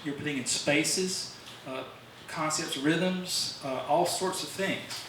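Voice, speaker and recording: Speaking slowly in a highish, sharp-toned voice, a man gives a casual songwriting talk at a club meeting, rambling with fillers and restarts. The sound is distant and very echoey, taken in a meeting room with a faint hiss underneath.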